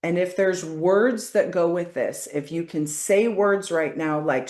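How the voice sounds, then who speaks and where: Calm woman coaching, roomy echo. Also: on the low side, unhurried, hardly any pauses. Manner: calm coaching, checks in with "okay?". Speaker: session facilitator. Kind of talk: guided body-work session.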